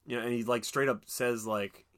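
A man's voice: mid-range voice, a little fast. A young man co-hosting a casual movie podcast, talking animatedly and dropping into silly voices. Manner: animated, slips into exaggerated impressions and silly voices. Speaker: podcast co-host. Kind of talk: casual movie review chat.

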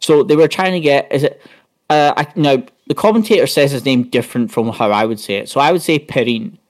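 A man's voice: medium pitch, a little fast. A man on a sports podcast, chatting casually and rambling through game stats with many restarts. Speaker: podcast panelist.

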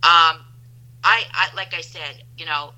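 A woman, a guest telling loud, animated stories in casual chat over a phone line. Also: sits low, measured pace.

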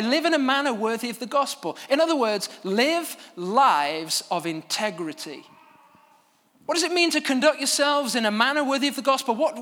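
A man preaching from a church stage with a high, bright voice that carries. He tells stories at his own expense in a lively, animated way, and a long reverb from the hall trails behind his words. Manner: animated, self-deprecating storytelling. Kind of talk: sermon.

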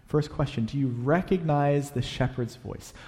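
Pastor guy giving a sermon, animated, goes loud then drops to a hush, long reverb like a church hall. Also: mid-range voice, normal speed. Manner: animated, swings between loud emphasis and hushed whispers.

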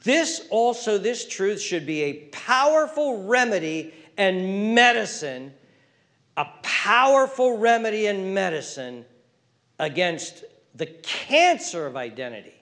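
A male pastor preaching a sermon, alternating emphatic raised calls with hushed, whispered passages. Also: high voice, sing-song, takes it slowly.

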